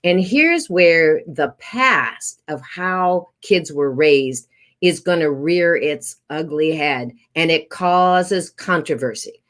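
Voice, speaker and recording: A woman's voice: low voice, animated, slow, a bit bright. A woman parenting coach explaining her advice in an interview, instructive and posing rhetorical questions to herself.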